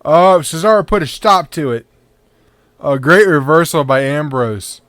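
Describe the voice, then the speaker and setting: Male podcast host, drowsy and laid-back; slow, rambling delivery with a smooth, clear voice. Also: on the high side, lively intonation, fairly bright tone, dry recording, studio quality. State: sleepy. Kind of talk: casual match breakdown commentary.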